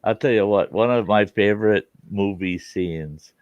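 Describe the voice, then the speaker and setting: Low-voiced man telling stories. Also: measured pace, a little mellow, dry recording, highs cut off. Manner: rambling storyteller, laughs at his own retellings. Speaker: show host. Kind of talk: casual chat.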